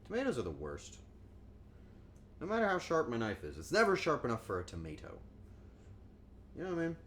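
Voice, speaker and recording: A man's voice: mid-range voice, huge pitch swings, a little fast, fairly bright tone, a little hiss or hum. A man chatting casually on a cooking stream, joking and rambling, and acting out quotes in goofy voices.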